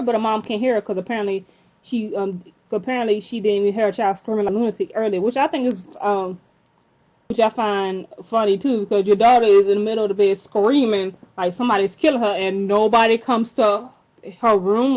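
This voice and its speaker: A woman's voice: mid-range voice, steady tone, a little fast, darkish tone. A woman giving a casual recap of a TV episode, chatty and breaking into indignant rants. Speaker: TV episode reviewer. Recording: slightly dull lo-fi recording.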